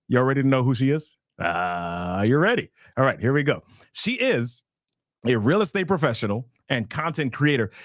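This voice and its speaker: A man hosting a live online workshop, talking with excitable energy as he introduces a guest and reads viewer names from the chat. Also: mid-range voice, no echo, studio quality. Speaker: host. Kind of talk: hyped live-stream hosting.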